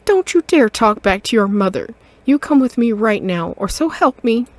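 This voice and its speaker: A woman voicing a bossy, loud mother cat who scolds her grown son in a game. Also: fairly low pitch, big pitch swings, very slow, no room sound, heavily acted. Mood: scolding. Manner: shouting, scolding, indignant. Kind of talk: game voice acting.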